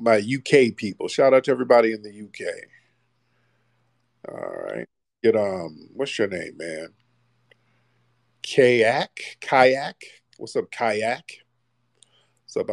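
A man's voice: lowish voice, gravelly, a little mellow, dry recording. A man hosting a live call-in stream, talking bluntly and mockingly down to his callers. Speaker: livestream host. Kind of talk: casual live call-in chat.

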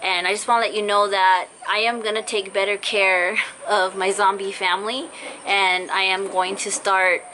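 Young woman vlogger, bright voice going in and out from illness; heartfelt, rambling apology to fans. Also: medium pitch, level tone, normal speed, a little hiss or hum, rough recording. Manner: apologetic, earnest, rambling with fillers. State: voice cutting in and out after illness. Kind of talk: casual heartfelt vlog talk to viewers. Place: in a car.

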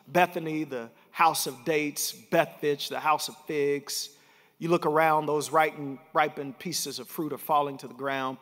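A man's voice: a little high, sharp tone. A man preaching a sermon as pastor, telling a story and building to emphatic points. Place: large church sanctuary. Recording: reverberant church hall.

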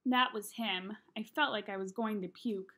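Bright-voiced woman reading aloud. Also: medium pitch, normal speed. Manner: expressive storytelling, brief voices for characters. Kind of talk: read-aloud of a children's novel.

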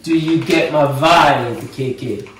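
A man's voice: fairly high pitch, slow, a bit bright, a little hiss or hum. A man with a Scottish accent, a chef casually teaching a home cooking demonstration in a playful, chatty way while joking with his kids. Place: home kitchen. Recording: echoey kitchen, mic far off, clattering pans.

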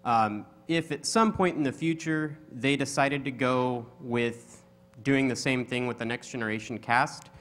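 A man's voice: mid-range voice, a little slow, a bit bright. A man in the audience asks a convention guest a question, politely, with hesitant "um"s. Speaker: fan asking a question. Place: convention panel room.

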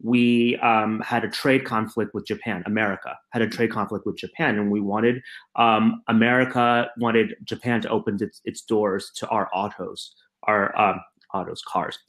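A man's voice: on the low side, steady tone, normal speed, fairly bright tone. A middle-aged man on a conference panel, telling anecdotes in a hesitant way with many fillers.

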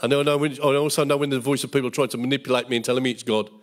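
Fervent pastor. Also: male voice, medium pitch, steady tone, racing. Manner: fervent, with rhetorical tag questions and jokes. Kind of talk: Bible school sermon.

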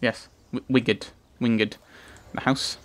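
A man's voice: medium pitch, level tone, slow pace, fairly bright tone. A man hosting a let's play, reading game narration aloud with playful, chatty asides.

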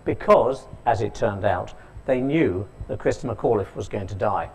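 A man's voice: fairly low pitch, lively intonation, normal speed, vocal fry, darkish tone, a little hiss or hum, poor audio. A man giving a keynote lecture at a conference, telling stories, quizzing the audience and slipping in dry jokes. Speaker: keynote speaker. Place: conference hall.

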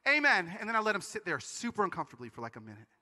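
A male conference speaker delivers an energetic sermon in a high, bright voice, telling stories animatedly with quick asides. Hall reverb surrounds the sound.

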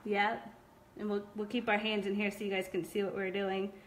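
A young woman hosts a casual live stream for a nail product shop, reading viewer comments aloud in a chatty, upbeat way with many fillers. Her medium-pitched voice moves little in pitch, at normal speed.

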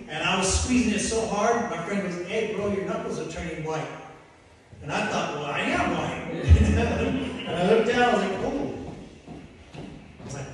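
A man preaching a sermon, telling his story in a lively way and acting out the voices of the people in it. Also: sits high, noisy background. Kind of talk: sermon testimony. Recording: echoey hall from far off.

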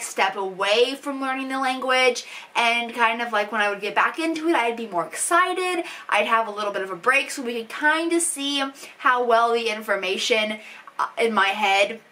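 A woman's voice: a little high, lively intonation, moderate pace, sharp tone. An eighteen-year-old woman vlogging in a casual, rambling, self-deprecating way, full of filler words. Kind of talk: casual vlog chat.

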